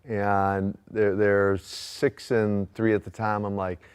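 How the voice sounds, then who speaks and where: A man's voice: lowish voice, little pitch movement, takes it slowly, smooth. A man from Minnesota telling a family anecdote in an interview clip, chatty and amused. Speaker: interviewed wrestler in archive clip. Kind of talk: storytelling interview.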